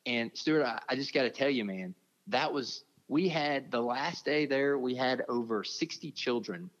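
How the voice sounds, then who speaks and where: A ministry leader, interviewed as a guest, tells earnest, heartfelt stories conversationally and keeps calling the listener "man". His medium-pitched voice moves at a moderate pace and sounds a bit bright. The lo-fi audio is dull, with a long reverb tail.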